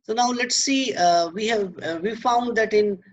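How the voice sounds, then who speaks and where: A man lecturing on poetry, slow and halting, repeating words and filling pauses as he explains. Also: high-pitched, lo-fi sound, slight background noise.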